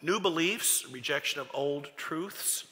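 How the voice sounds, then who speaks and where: A man's voice: on the high side, unhurried, bright, forceful tone. A man preaching a sermon as pastor, folksy and joking as he tells stories. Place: church sanctuary. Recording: echoey church hall.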